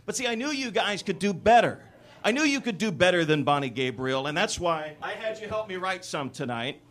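A man presenting at a live podcast show, reading comic passages and long word lists from a book in a deadpan way, with frequent filler words. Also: high voice, fairly quick.

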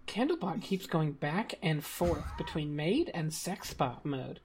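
A woman's voice: sits low, sing-song, slow. A woman co-hosting a comedy podcast, reading a story aloud in a playful, exaggerated way.

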